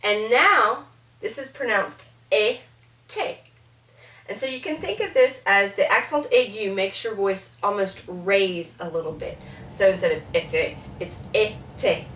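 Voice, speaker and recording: A woman teaching a French lesson in a classroom, chatty and loose, repeating words slowly to model pronunciation. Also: mid-range voice, pushed and bright. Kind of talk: classroom lecture. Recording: echoey room from a distance.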